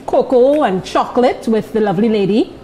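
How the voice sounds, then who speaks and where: A woman's voice: on the high side, expressive, a little fast, mellow, a little hiss or hum, rough recording. Upbeat woman hosting morning TV. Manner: upbeat, leads the segment and the cooking. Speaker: morning show co-host. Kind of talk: casual morning TV chat.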